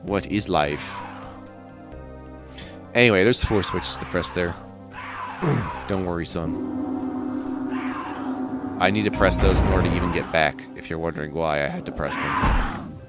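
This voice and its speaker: A man's voice: low voice, unhurried, pauses often. A man giving casual, jokey commentary while playing a video game, rambling and swearing freely. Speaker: let's play host. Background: game music.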